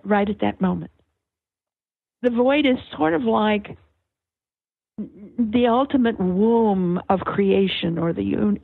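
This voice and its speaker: Slow, husky older woman on a phone line. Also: medium pitch, no echo. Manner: slow, searching, many fillers and restarts. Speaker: interview guest, author. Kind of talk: reflective conversational explanation. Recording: tinny phone-line sound.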